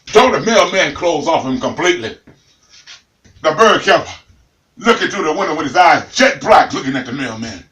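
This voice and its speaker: A man telling a comic tale in an animated, dramatic way, talking straight to the listener. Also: on the high side, normal speed, echoey room, far from the mic, low-quality recording. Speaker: storyteller.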